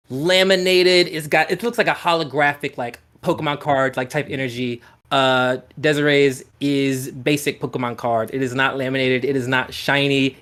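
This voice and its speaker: A man's voice: mid-range voice, fairly bright tone. Rambling male game master. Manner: rambling, filler-heavy, conversational. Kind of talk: narrating a tabletop game.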